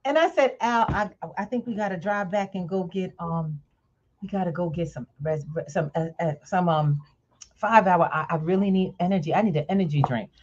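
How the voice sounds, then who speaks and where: A woman hosting a podcast, telling a story in a lively, chatty way and laughing often. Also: on the low side, moderate pace, lo-fi sound. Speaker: podcast host. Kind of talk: casual chat, storytelling.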